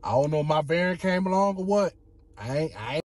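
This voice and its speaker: A man telling a comic story on a couple's vlog, animated and laughing, slipping into slang and acting out other voices. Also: on the high side, quick pace, no echo. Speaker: couple vlogger.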